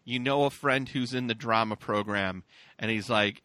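A man's voice: on the low side, moderate pace, no room sound. A man co-hosting a casual podcast chat, joking and acting out scenes as he talks. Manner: animated, jokey, acts out scenes. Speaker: podcast co-host.

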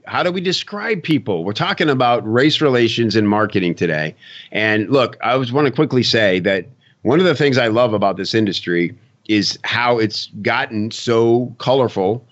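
A man's voice: medium pitch, moderate pace, a bit bright, highs cut off. A man co-hosting a podcast, talking loosely and casually with plenty of fillers. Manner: loose, conversational, many fillers. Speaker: podcast co-host.

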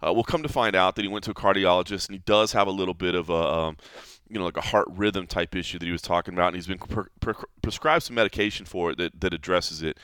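A man with a lowish, smooth, resonant voice talks loosely through a podcast conversation, circling back with fillers and restarts. The sound is close and dry, with no room around it. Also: quick pace, a bit bright, no echo. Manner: rambling, many fillers and restarts. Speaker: podcast host. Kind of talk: casual chat. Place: Las Vegas, Nevada.

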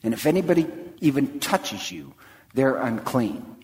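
A man's voice: mid-range voice, animated, unhurried, big-room sound, pitched below the performer's own voice, natural voice. A man, a priest, voicing a stern male religious official who enforces the rules.

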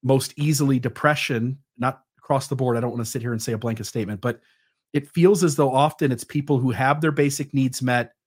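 A man's voice: medium pitch, a little fast, breathy edge. Thoughtful man in his forties. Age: 40s. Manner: thoughtful, explanatory, with fillers. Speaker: podcast guest. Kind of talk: conversational interview.

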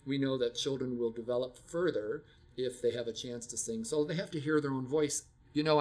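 A man's voice: medium pitch, fairly even intonation, fairly quick. An older man, a music educator, talking casually and reflectively about teaching children to sing, telling stories with frequent restarts.

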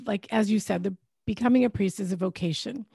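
A woman interviewing a guest, asking questions casually with quick, encouraging interjections. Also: mid-range voice, creaky, warm tone, breathy edge, no room sound.

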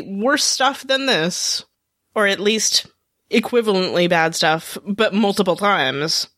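A woman's voice: medium pitch, fairly bright tone, no echo, studio quality. A woman co-hosting a podcast, chatting casually and bluntly about a TV episode. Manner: blunt, emphatic, quick asides. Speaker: podcast co-host. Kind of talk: casual TV recap chat.

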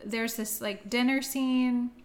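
A woman's voice: a little high, steady tone, takes it slowly. A woman co-hosting a casual film-review chat, chatty and laughing often, with frequent fillers. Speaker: podcast co-host.

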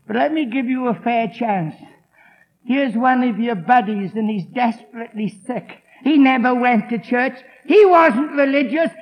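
A man preaching an evangelistic sermon, telling stories forcefully and acting out the people in them. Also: very high voice, unhurried, dull audio. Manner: emphatic, forceful, acts out the people in his stories.

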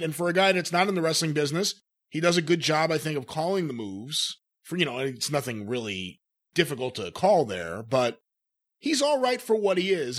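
A man co-hosting a casual podcast, talking his points through in an analytical way. His voice sits a little higher than most men's. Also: fairly bright tone. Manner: analytical, talks things through. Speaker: podcast co-host. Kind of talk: casual conversation about old wrestling footage.

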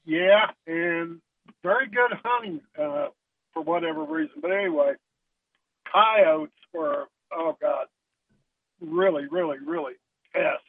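A man's voice: a little high, no room sound. Texan man on a tinny phone line. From West Texas, US. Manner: drawn-out, folksy, with many fillers. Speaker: caller. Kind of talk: casual storytelling on a radio show.

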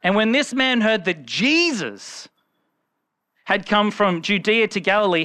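A man's voice: high voice, animated, unhurried, sharp tone, no echo. A man preaching a conversational sermon, acting out the people in the story as he retells it.

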